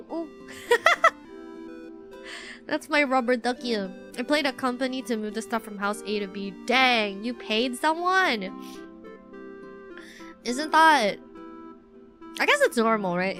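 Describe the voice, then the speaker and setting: Bright-voiced young woman streamer. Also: on the high side. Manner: rambling, self-deprecating, filler-heavy. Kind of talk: casual chat stream. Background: faint music.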